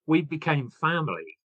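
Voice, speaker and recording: A man in his sixties, an author guest, telling his story in an animated, chatty way and laughing at himself. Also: on the high side, muffled recording. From England. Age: 60s. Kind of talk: casual interview chat.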